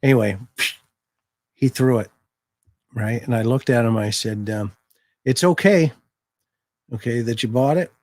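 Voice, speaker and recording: Older male guest, folksy and fatherly, mid-pitched voice, dry close sound. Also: moderate pace, long pauses, no echo. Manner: folksy, steady storyteller, fatherly. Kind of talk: casual chat.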